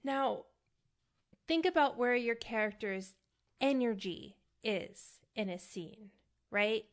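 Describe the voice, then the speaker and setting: A woman acting coach talks through her lesson in an easygoing, conversational way. She keeps tagging her points with "right?" and leans into the words she wants to stress. Her voice sits at an ordinary middle pitch for a woman. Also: clean tone. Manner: conversational, frequent "right?" check-ins, emphatic. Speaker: acting coach and podcast host. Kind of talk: casual teaching monologue.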